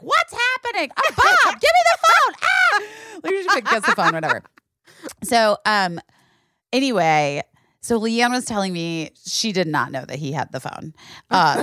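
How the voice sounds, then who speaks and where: A woman in her forties tells a story on a podcast with a lively, wide-ranging voice that swings up and down as she laughs and swears her way through it. The sound is close and dry, with no room around it. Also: no room sound. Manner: animated storyteller, doing high childlike voices for her nephew; laughs often, swears freely. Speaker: podcast host. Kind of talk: casual chat.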